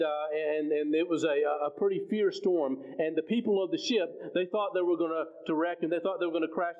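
A man's voice: a little high, a little mellow. Man preaching a casual sermon, lo-fi. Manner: conversational, repeats words and restarts.

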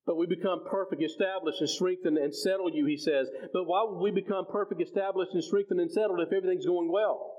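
A man's voice: high-pitched, fairly even intonation, quick pace, hardly any pauses, a little mellow. Man preaching a casual sermon, lo-fi. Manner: conversational, repeats words and restarts.

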